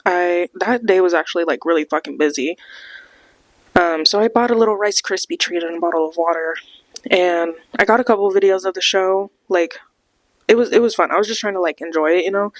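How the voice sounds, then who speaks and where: A woman's voice: lowish voice, fairly quick, dry recording. Young female podcast host, casual storytime, frequent cursing, dry close sound. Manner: rambling, swears a lot, acts out quoted voices.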